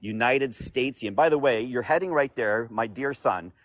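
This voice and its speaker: A man from Canada with a Canadian accent, a guest who tells stories in a laughing, animated way during casual chat. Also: mid-range voice, moderate pace, no echo. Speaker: podcast guest.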